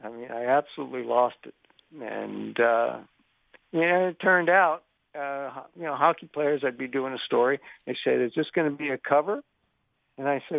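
A man's voice: mid-range voice, normal speed, vocal fry, no room sound. An older man, a sports journalist calling into a radio show, telling a long story and acting out the people he quotes. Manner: animated anecdotal storyteller, acts out quoted dialogue. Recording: phone line.

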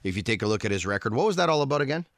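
A man hosting a radio show, interviewing a guest and reading a live ad in a brisk announcer manner. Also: mid-range voice, very animated, dry recording, studio quality. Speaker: radio host.

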